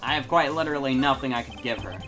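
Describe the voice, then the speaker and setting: A woman's voice: very deep voice, fast, over music. A woman from New York chatting casually as a streamer while playing a game, self-deprecating and talkative. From New York, USA. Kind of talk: casual let's-play commentary.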